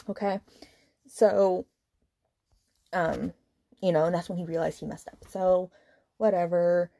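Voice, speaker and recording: A woman's voice: deep voice, vocal fry, darkish tone, no echo. A woman hosting a book podcast, retelling a story in a casual, exasperated and sarcastic rant full of fillers and swearing. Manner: fast retelling with many fillers.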